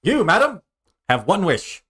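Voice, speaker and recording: A man voicing a bratty male cat genie who whines and yells dramatically. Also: high voice, huge pitch swings, a little slow, breathy edge, pitched above the performer's own voice, full character voice. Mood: theatrical. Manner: whiny, dramatic, yelling.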